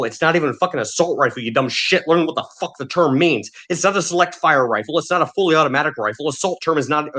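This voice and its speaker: A man tears into his target with a relentless, profane tirade. His voice sits a touch higher than most men's, and he spits insults at full anger in a loose podcast rant. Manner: furious, heavily profane, shouting insults. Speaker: podcast host.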